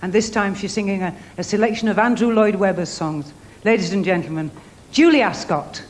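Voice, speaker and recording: Brisk talent show host introducing acts. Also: mid-range voice, very noisy. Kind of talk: live TV show presenting. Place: TV studio stage before a live audience.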